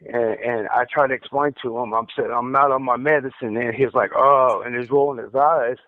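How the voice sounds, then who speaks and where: A man's voice: medium pitch, steady tone, dry recording. Man stuttering over a tinny phone line. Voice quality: stutters, halting with many repeated words. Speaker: caller recounting an interrogation. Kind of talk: rambling phone account. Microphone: phone handset.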